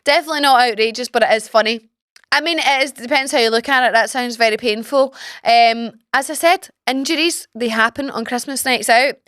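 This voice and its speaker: Chatty woman, fairly high voice. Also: brisk, dry recording, clean studio sound. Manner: chatty, animated, swears freely. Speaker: podcast host. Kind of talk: casual storytelling chat.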